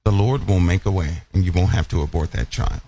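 A man preaching a Bible-study sermon who keeps asking his listeners questions and slows down to stress key lines. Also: deep voice, creaky, warm tone, husky, no echo. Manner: emphatic, asks the audience questions often.

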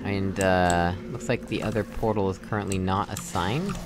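A man's voice: low-pitched, moderate pace, very noisy. A young man from Texas casually commenting as he plays a puzzle game, thinking aloud and poking fun at himself. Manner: musing aloud, self-deprecating, chuckling. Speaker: gamer playing a puzzle game. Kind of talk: casual let's-play commentary.

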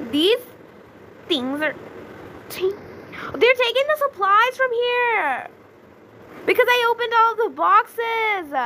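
A young woman chatting through a video game as she plays it, easily flustered, with gasps and excited outbursts. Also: sits high, slight background noise, rough recording. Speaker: gaming YouTuber. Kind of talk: casual gameplay commentary.

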